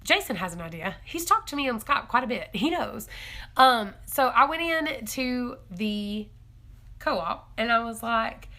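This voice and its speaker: A young woman hosts a casual homestead live stream. Her voice is bright and ringing, and she chats along with frequent giggles while answering viewer comments. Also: on the high side, lively intonation, a little slow. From East Tennessee. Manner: chatty and giggly, reads viewer comments aloud. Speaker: homestead livestream host.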